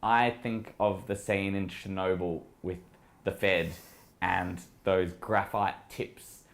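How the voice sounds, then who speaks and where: A man with an Australian accent, speaking as a guest strategist. He talks through the markets in a low voice, analytical and at times emphatic. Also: little pitch movement, slow, gravelly. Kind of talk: casual market discussion.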